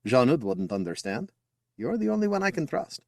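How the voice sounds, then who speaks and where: A man's voice: a little high, sing-song, fairly quick, vocal fry, darkish tone, no room sound, clean studio sound, voice pushed up. A man voicing an eager, boastful young man who talks proudly and affectionately about his little brother. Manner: upbeat, chatty and affectionate.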